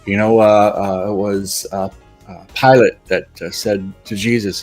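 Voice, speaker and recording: A man's voice: on the low side, flat delivery, unhurried, a little mellow, faint music behind. A man speaking as a guest on a casual livestream, explaining his views thoughtfully. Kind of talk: casual discussion.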